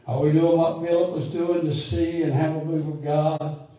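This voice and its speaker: A man's voice: on the high side, level tone, moderate pace, dark tone. A man preaching a sermon as pastor, fervent and building to emphatic calls, recorded in a church sanctuary. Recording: echoey church hall, mic far off.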